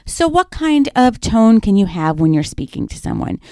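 A woman's voice: mid-range voice, very animated, moderate pace, a little mellow, no echo, studio quality. A woman giving a conversational lesson on communication, illustrating her points with personal stories. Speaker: instructor. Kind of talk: lecture on communication.

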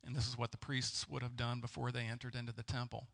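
A man preaching a sermon as a pastor, halting and searching for words with many fillers and restarts. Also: mid-range voice, completely flat delivery, gravelly, a bit bright. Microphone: presenting with slides.

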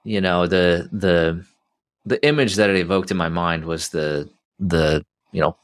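Male podcast host: deep, casual, halting delivery with repeated words. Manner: halting, repeats words while searching for them. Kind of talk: casual interview chat.

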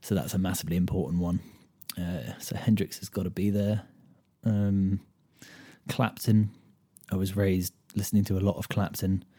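A British man hosting a solo podcast, casually explaining guitar rhythm and thinking out loud, with frequent ums and beats counted aloud. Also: low-pitched, level tone, moderate pace. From United Kingdom. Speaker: podcast host and guitar teacher.

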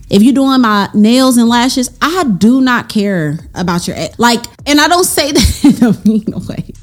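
A young woman hosting a faith-based girl talk monologue to camera, emphatic and preachy, calling her listeners y'all. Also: mid-range voice. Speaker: host.

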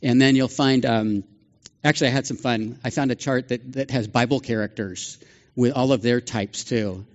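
A man's voice: mid-range voice, fairly even intonation, normal speed, lo-fi sound. Older man preaching in a chatty, joking way. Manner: conversational, chatty with asides and self-deprecating jokes. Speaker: pastor. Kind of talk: sermon. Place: church sanctuary.

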